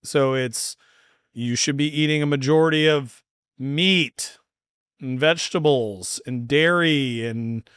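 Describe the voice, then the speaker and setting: A man hosting a podcast in casual chat, talking bluntly with lots of swearing and quick bursts of speech. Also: medium pitch, a bit bright, clean tone, no echo, clean studio sound. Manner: blunt and profane, fast bursts. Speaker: podcast host.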